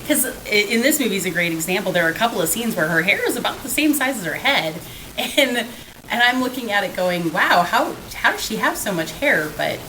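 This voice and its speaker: A woman's voice: medium pitch, expressive, a little fast, pushed and bright, slight background noise, poor audio. A middle-aged woman co-hosting a podcast, chatting casually about an old film, laughing often and restarting her sentences. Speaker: podcast co-host.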